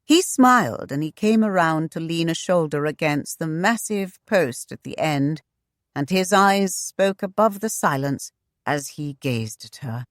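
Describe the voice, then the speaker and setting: Low-voiced expressive woman narrator. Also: measured pace, no echo, clean studio sound. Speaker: audiobook narrator. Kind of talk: scripted narration.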